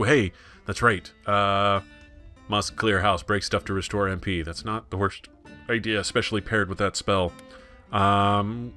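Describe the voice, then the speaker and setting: Brief: young American man, self-mocking let's-play chatter, deep voice with a sharp edge. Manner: rambling, self-deprecating, lots of fillers. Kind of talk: casual gameplay commentary.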